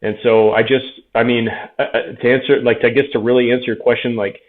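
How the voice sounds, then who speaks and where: A man's voice: medium pitch, level tone, brisk. A man in his thirties, a veteran guest telling his story frankly in a casual interview, often quoting himself. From Tucson, Arizona. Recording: tinny phone-like audio.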